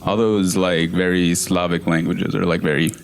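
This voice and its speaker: A man's voice: low voice, fairly even intonation, moderate pace, gravelly, very noisy. A young man co-hosting a podcast, chatting in an easygoing, rambling way. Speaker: podcast co-host. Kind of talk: casual podcast chat.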